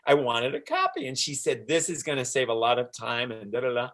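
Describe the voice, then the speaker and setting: Brisk and sing-song, a man with a fairly bright, medium-pitched voice relives his experience as a guest on an interview. He performs the exchanges animatedly and keeps breaking into laughter in this relaxed storytelling chat.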